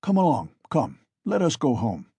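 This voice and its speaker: A man voicing a gentle father quietly calming his small son. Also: medium pitch, moderate pace, slightly rough, dry recording, heavily acted. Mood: soothing.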